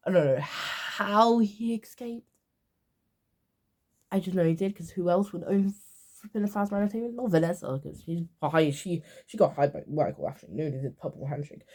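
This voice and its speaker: Mellow-voiced woman rambling casually. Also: lowish voice, normal speed. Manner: rambling, full of fillers and offhand asides. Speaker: YouTuber.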